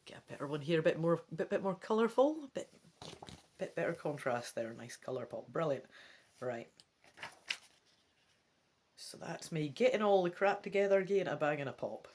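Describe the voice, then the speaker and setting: A woman's voice: low-pitched, animated, normal speed, pauses often, a little mellow, slight background noise. A Scottish woman reading a gamebook aloud, breaking off into cheeky, chatty asides to her viewers. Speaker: let's play reader.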